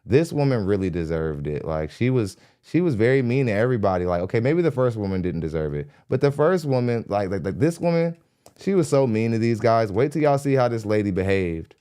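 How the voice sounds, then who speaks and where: A man hosting a podcast, giving blunt, animated commentary as he reacts to a clip, laughing often between points. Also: on the low side, a little fast, clean tone. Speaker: podcast host reacting to a dating show clip. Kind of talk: casual commentary. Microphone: studio dynamic mic.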